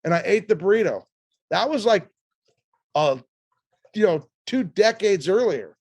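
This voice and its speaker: A man in his sixties with a fairly high voice tells a personal story as a podcast guest. He is animated and quick, and he often restarts his sentences. The sound is dry, with no room around it. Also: no room sound.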